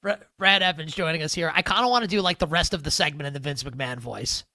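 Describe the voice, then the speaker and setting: A man's voice: a little high, fast talker, bright, forceful tone, dry recording. A man hosting a live sports betting show, joking loosely and rambling with restarts. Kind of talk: casual live show chat.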